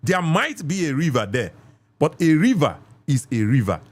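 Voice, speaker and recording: A man's voice: on the high side, big pitch swings, moderate pace. A man with a Nigerian accent hosting a live call-in podcast debate, assertive and lecturing, repeating himself for emphasis. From southeast Nigeria. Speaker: podcast host.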